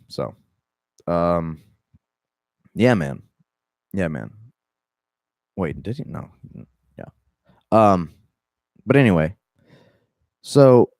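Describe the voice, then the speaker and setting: A young man with a Southern accent talks casually about fighting news, in loose, profane bursts full of restarts and asides. His voice sits low, and the recording is dry and close. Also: darkish tone, no echo. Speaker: MMA podcast host. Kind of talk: casual commentary.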